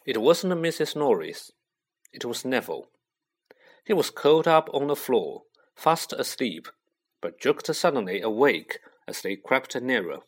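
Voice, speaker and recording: A man narrates a storybook at an unhurried pace. His pitch rises and falls a great deal, keeping the telling expressive. His voice sits in a middle range. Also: breathy edge. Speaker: audiobook reader.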